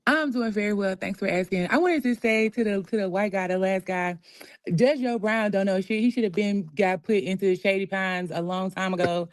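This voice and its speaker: Caller: woman, mid-pitched, confident chatty delivery, dry close sound. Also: normal speed, no echo. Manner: self-assured, chatty, drifting. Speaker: caller, tarot reader. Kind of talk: call-in chat.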